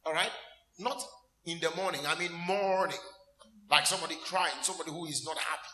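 A man preaching a lively sermon, his voice pitched high and ringing very bright. He keeps calling questions out to the congregation and acts out scenes with laughter and mock crying. The sound carries the echo of a reverberant room. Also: brisk. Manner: animated, asks the congregation call-and-response questions. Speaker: minister.

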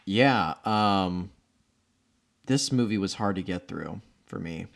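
Male podcast co-host, lower voice, blunt, teasing, conversational. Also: expressive, slow, vocal fry. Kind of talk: casual podcast chat.

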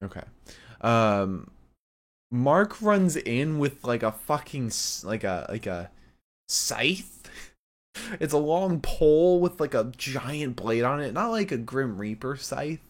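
A man's voice: medium pitch, very animated, slow. A man co-hosting a podcast, recapping a show in rambling casual chat with lots of fillers and laughs. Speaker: podcast co-host.

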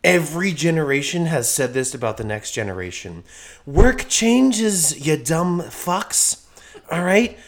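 A man's voice: on the high side, very animated, very fast, few pauses, sharp tone, roomy sound, pitched above the performer's own voice, exaggerated voice. A man on a podcast putting on a grumpy old country redneck who rants crudely and blusters. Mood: ranting. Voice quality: profane, blustering. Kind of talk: podcast bit.

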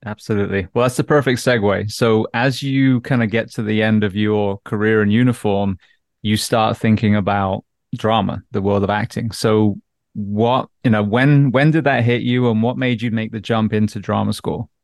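An English man hosting a podcast, asking measured, earnest questions in casual conversation. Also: fairly low pitch, fairly even intonation, creaky, dry recording, studio quality. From England. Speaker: podcast host. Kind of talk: casual interview chat.

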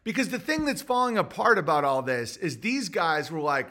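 Male podcast host, high bright voice, profane agitated rant. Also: sing-song, moderate pace, few pauses. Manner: profane, agitated ranting with restarts and mock voices. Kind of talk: rambling commentary monologue.

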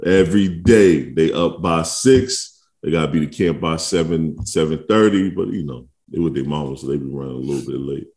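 A man in his thirties co-hosting a podcast in relaxed casual chat, laughing often and telling stories about his kids. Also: a bass voice, normal speed. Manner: laid-back, laughs often, tells stories with kid voices. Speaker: podcast co-host.

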